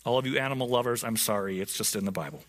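A man's voice: lowish voice, very fast, fairly bright tone. A man teaching a Bible lesson in a casual, conversational way, often checking in with his listeners.

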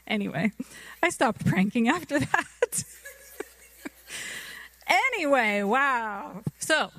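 A woman's voice: a little high, expressive, very slow, pauses often, fairly bright tone. A woman in her thirties preaching a sermon, telling a personal story in a chatty way and laughing often. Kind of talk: anecdote in a sermon.

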